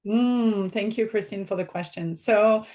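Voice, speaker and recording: French woman in her 40s, thick-ish french accent, guest on a podcast, slow and thoughtful. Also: mid-range voice, a little mellow. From south of France. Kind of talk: conversational interview answers.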